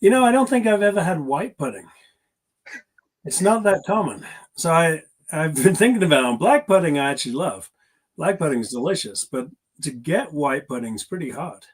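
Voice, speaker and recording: A man's voice: fairly high pitch, big pitch swings, normal speed, slightly rough, poor audio. Easygoing man with a Manx accent. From Isle of Man. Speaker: podcast guest, racer. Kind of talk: casual interview answers.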